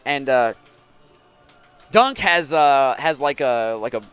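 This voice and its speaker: A man's voice: mid-range voice, slow pace, clear, resonant tone, no room sound, soft background music. A young man hosting a casual chat show, telling a story with lots of energy and acted-out quotes, sounding a bit sick. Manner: animated storyteller, shouts and laughs through quotes. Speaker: show host.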